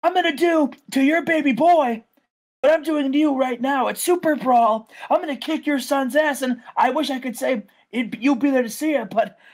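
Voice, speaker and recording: A man's voice: very high voice, moderate pace, pitched above the performer's own voice. A man putting on the voice of a cruel, gloating male wrestling champion who taunts his victim.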